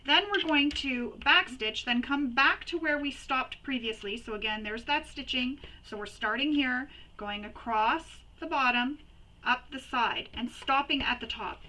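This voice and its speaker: Higher-voiced woman explaining sewing steps. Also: a little slow, pushed and bright, low-quality recording. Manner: chatty, repeats and recaps steps. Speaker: sewing tutorial host. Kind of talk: step-by-step sewing tutorial.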